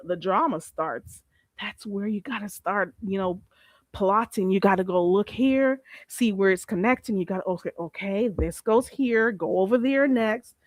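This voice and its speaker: A woman hosting a casual livestream, animated, laughing often and greeting chatters on a close mic. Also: mid-range voice, no echo. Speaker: livestream host.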